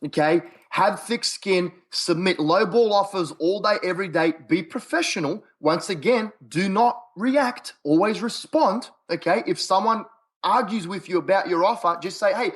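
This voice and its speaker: High-voiced Australian man, punchy talk. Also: moderate pace, fairly bright tone, slightly rough. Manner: punchy, quote-heavy, repeats himself for emphasis. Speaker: podcast guest. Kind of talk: casual interview chat.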